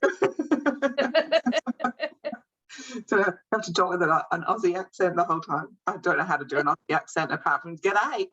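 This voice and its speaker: A woman's voice: on the low side, a little fast, pauses often, fairly bright tone, slightly rough, lo-fi sound. A woman, co-hosting a podcast in rambling casual chat and giggling often. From New Zealand. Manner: giggly, rambling, self-interrupting. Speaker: podcast co-host.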